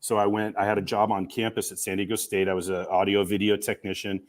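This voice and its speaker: A middle-aged man speaks on a video call from a campus room. His voice sits a little low and he talks fast, earnest and emotional, and he grows animated as he tells his story. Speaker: guest, communication professor and coach. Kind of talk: storytelling in an interview.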